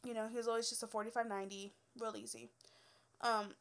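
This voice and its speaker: Young woman, ex-hairstylist, slightly high voice, blunt swearing rant with frequent laughs. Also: flat delivery, fast. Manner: blunt, profane, exasperated, laughs often. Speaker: former hairstylist telling work stories. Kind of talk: casual storytelling rant.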